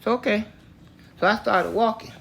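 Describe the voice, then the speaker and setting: An older man from Tennessee, slowly and plainly recounting a story from his own life. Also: sits high, gravelly, fairly bright tone, husky. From Tennessee, US South. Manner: slow, plainspoken, matter-of-fact telling. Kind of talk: spoken personal story.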